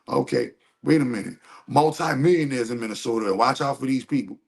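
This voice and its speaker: A man with a gravelly, fry-edged voice talks over a video he is reacting to. His delivery is animated and profane, and he reads search results aloud as he goes. It is casual stream commentary. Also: medium pitch, moderate pace.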